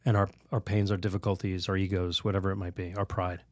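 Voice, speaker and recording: A man, a priest on a podcast, telling a story and teaching in a lively, rambling way. He laughs often and restarts his sentences. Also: sits low, quick pace, dry recording, clean studio sound. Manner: animated, laughs while telling stories; rambling restarts, many "you know"s. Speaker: Catholic priest, podcast guest.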